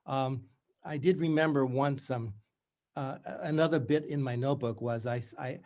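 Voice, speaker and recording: An author in his seventies speaks at a middle pitch, reflective and measured. He alternates thoughtful conversation with reading passages from his own book in a calm storyteller's way. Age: 70s.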